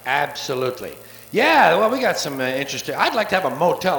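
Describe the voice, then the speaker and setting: Gravelly, profane stand-up comedian on stage. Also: male voice, medium pitch, sing-song, a bit bright. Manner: profane, sardonic, rapid-fire wordplay. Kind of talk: live stand-up routine. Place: theater stage before a live audience. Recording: echoey live soundboard tape with faint hiss.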